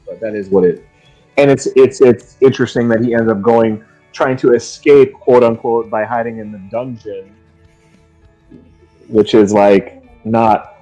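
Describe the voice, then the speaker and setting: A man co-hosting a book podcast at an ordinary pitch. He thinks out loud, circling back on his words as he weighs the story. Faint music runs in the background. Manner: musing and hesitant, full of restarts. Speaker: podcast co-host. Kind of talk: casual book discussion.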